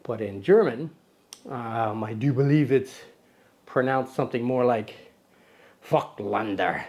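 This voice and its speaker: A mellow, mid-range male voice moves at an unhurried pace, with slight background noise. He's the host of a casual camera show, joking and teasing a little sidekick while rambling loosely, with many ums and self-corrections.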